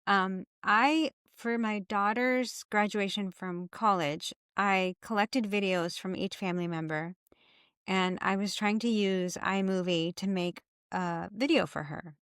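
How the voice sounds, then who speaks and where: A middle-aged woman hosting a casual podcast, telling a story with animated energy and acting out her own past frustration. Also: mid-range voice, measured pace, smooth, dry recording, clean studio sound. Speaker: podcast host, health coach.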